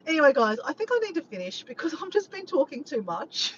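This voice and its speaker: A woman rambling to her viewers on a live stream, animated and swearing freely. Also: sits high, fast talker. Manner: animated, swears often, keeps addressing "guys". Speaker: vlogger doing a live stream. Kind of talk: rambling casual chat to viewers. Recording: slightly muffled, faint background noise.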